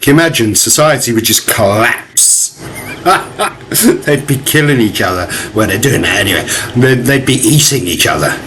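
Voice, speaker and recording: A man's voice: mid-range voice, expressive, moderate pace. A man giving ranting, profane commentary as he reacts to video clips, with mocking laughs.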